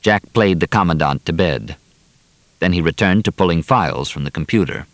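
A man reading a novel aloud as narrator, measured and steady. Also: deep voice, dry recording. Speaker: audiobook narrator. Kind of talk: scripted narration.

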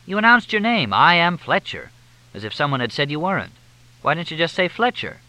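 A sharp, teasing woman reporter voiced by a man in an audiobook, pitched noticeably high. Her lively, bright delivery is full of dry, quick, playful banter. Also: no echo, rough recording.

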